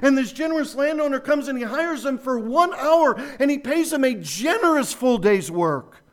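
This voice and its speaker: A man preaching a sermon, teaching verse by verse through a Bible passage with animated explanation. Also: very high-pitched, normal speed.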